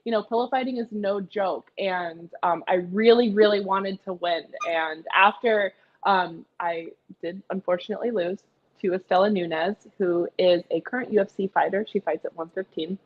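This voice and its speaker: A young adult woman speaks in a casual podcast chat, animated and lively as she acts out what others said. Her voice sits at a middle pitch. The audio is a little dull and lo-fi, as from a remote call. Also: normal speed. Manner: energetic, animated storytelling with acted-out quotes. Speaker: guest, pillow fighter.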